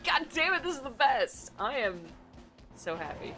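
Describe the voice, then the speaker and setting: A woman streamer giving excitable, giggly commentary while playing a game, swearing now and then. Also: sits high, moderate pace, soft background music. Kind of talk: casual gameplay commentary.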